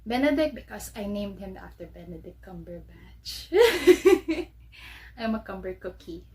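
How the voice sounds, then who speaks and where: A woman's voice: mid-range voice, very animated, a little slow, darkish tone. A woman with a Filipino accent hosting a casual solo podcast from her bedroom, chatty and bubbly with frequent laughter. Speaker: podcast host.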